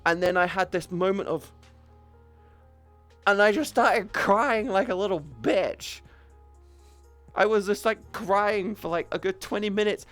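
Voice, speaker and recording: A young woman chats on a live stream into a headset mic, playful, crude and affectionate with her viewers. Her voice sits at a middling pitch, and faint game music plays quietly behind her. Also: unhurried, pauses often. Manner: playful, crude, affectionate, calls chat sweetie and baby. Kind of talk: casual live-stream chat. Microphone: headset boom mic.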